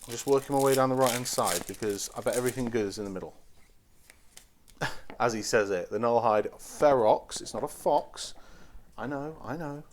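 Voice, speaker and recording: A man's voice: mid-range voice, moderate pace, slight background noise. A man hosting a casual card-opening stream, chatty and teasing as he talks to the packs. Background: crinkling foil wrappers.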